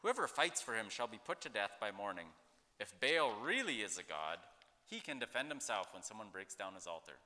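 A pastor gives a casual devotional talk outdoors, his voice very bright yet lowish, sing-song and a little fast. He's chatty and conversational, rambling with many fillers and acted-out quotes. The recording carries an echoey, hall-like reverb.

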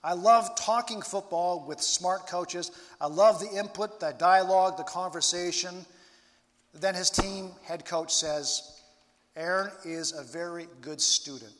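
A man preaching a sermon as a pastor, slow and deliberate with dramatic pauses. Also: high-pitched, a bit bright, big-room sound.

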